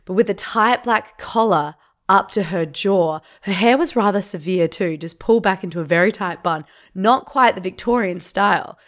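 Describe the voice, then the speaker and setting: A woman's voice: medium pitch, normal speed. A woman co-hosting a podcast, chatting casually and reading listener stories aloud, slightly hungover. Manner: chatty, animated storytelling with laughs. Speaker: podcast co-host.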